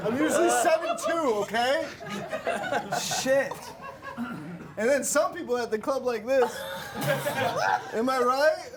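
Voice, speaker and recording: A man doing a rambling, crude stand-up bit, working the crowd. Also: very high-pitched. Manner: rambling, drawn-out punchlines, crowd work. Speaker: comedian. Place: live comedy stage. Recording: loud live audience laughter and noise.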